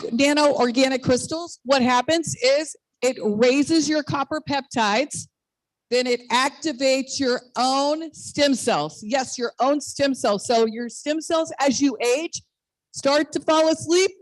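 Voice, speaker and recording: A woman in her sixties giving a bubbly, excited sales pitch full of personal testimonies on a video call, laughing at herself now and then. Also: no room sound, poor audio. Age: 60s. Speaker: network marketing presenter.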